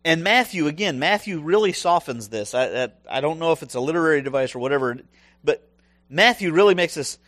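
A man preaching a sermon, animated and humorous, acting out voices from the stories he tells. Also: fairly high pitch, a little fast, no echo. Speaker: pastor.

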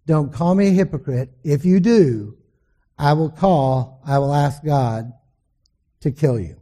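A man preaching voices a stern male pastor who gives firm, measured warnings. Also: a little high, warm tone.

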